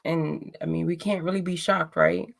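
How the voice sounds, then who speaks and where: Blunt gravelly woman chatting. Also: low voice, steady tone, normal speed. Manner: blunt, profane, roasting a chat troll. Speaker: livestream host. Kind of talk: casual livestream chat.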